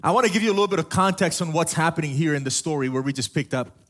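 A man's voice: a little high, rapid-fire, fairly bright tone. A young adult man from Africa, a pastor giving a sermon in a casual, storytelling way with humorous asides.

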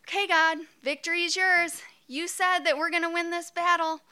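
A woman's voice: very high voice, fairly even intonation, moderate pace, bright, forceful tone, voice pushed up. A woman doing a voice for Moses, an elderly man, praying eagerly and pleading with rising effort. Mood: straining.

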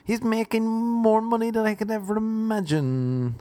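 A Cork man puts on a petty, jealous Irish begrudger who sneers at anyone getting ahead. The voice jumps high and turns shrill and scornful, with a Cork accent. It sounds dry and close, with no room around it. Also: normal speed, dark tone, dry recording, close to an everyday voice. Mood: mocking.

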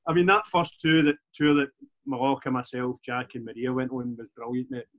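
A man in his forties with a Glaswegian accent, a guest chatting casually in a halting, rambling way with many restarts. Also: medium pitch, fairly even intonation, fairly bright tone. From Scotland. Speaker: podcast guest, DJ. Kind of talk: casual chat.

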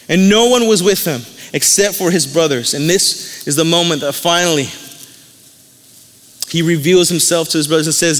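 A man's voice: high-pitched, fairly quick, fairly bright tone, long reverb tail. A man preaching a sermon, retelling a Bible story in casual words and briefly acting out the characters' lines.

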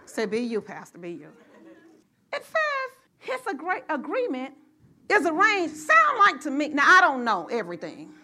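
A woman pastor preaches, her voice high and sharp. She talks straight to her congregation and keeps working herself up until she is shouting the message. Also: huge pitch swings, normal speed, a little hiss or hum. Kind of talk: sermon. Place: church.

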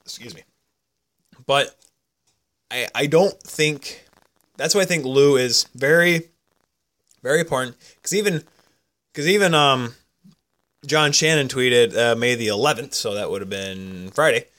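A man's voice: medium pitch, a little slow, long pauses, a bit bright. A man co-hosting a casual podcast, rambling through goofy stories and sports talk. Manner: rambling, goofy, self-interrupting storyteller. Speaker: podcast co-host.

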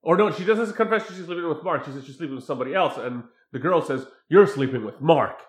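Crude, animated man recapping a film. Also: fairly high pitch, fast, echoey room. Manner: crude, animated storytelling with mimicked lines. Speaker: podcast co-host recapping a film. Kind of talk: casual chat.

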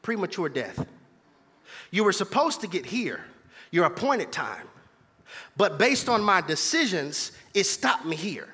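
A man's voice: high-pitched, very animated, unhurried, pauses often, bright, forceful tone, husky, long reverb tail. A man preaching a sermon as pastor in a church, emphatic and repetitive, calling out to the congregation. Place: church sanctuary.

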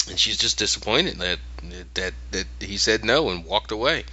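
Male podcast host, animated and chatty, very bright and tense tone, lo-fi audio. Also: lowish voice, moderate pace, slightly rough. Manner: animated, laughing, many restarts. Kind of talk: casual chat recapping a TV episode.

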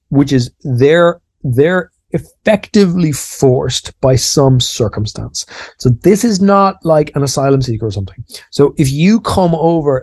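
A man's voice: mid-range voice, darkish tone, breathy edge, no echo. Irish man explaining in dry, close sound. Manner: informal and self-deprecating, explaining with lots of restarts. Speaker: podcast co-host. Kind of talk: casual podcast chat.

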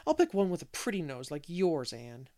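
A man's voice: on the high side, huge pitch swings, normal speed, dark tone. A man voicing a chatty, mischievous little boy who rambles and keeps asking questions. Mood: chattering.

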